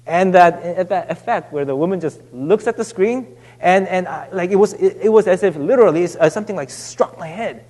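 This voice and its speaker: A man with a high-pitched voice preaches a Sunday sermon, searching for words with many restarts and fillers. His voice drops soft and low when he reads scripture. The church hall gives a long, ringing reverb. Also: fairly quick. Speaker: pastor. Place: church sanctuary.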